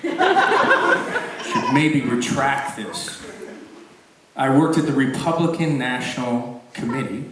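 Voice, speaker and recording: At a convention hall Q&A, a guest actor answers audience questions with self-mocking stories and frequent laughs. His medium-pitched voice is very animated but slow, with long pauses. The recording is very noisy, echoey, far from the mic, with crowd sound throughout.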